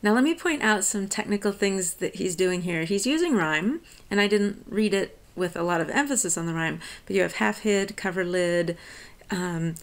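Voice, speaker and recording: An American woman professor reads verse in an unhurried way and then talks it through in easy, chatty asides. Her voice has a gravelly, creaky edge at a middle pitch. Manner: reads verse slowly, then explains in relaxed conversational asides. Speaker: college professor. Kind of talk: lecture on a poem, reading lines aloud and explaining.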